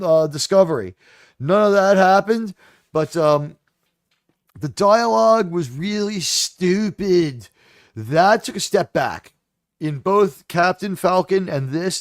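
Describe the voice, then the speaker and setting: A man hosting a livestream, ranting casually about shows and films in a profane, exasperated, animated way. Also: on the high side, dry recording, clean studio sound. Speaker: livestream host.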